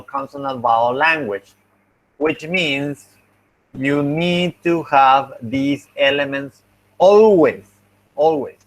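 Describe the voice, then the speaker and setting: A young man teaching a linguistics class, patiently going over exam answers and thinking aloud as he explains. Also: fairly high pitch. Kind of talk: online class feedback lecture.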